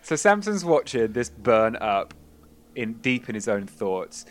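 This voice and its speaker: A man's voice: medium pitch, a little slow. A man narrating a tabletop role-playing game as game master, telling the scene with laughs. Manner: laughing, animated storytelling.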